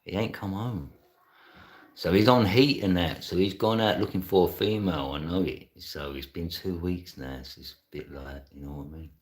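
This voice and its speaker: Speaking at a moderate pace in a deep voice, a middle-aged man runs a casual live stream. He reads his chat aloud, answers it, and laughs frequently.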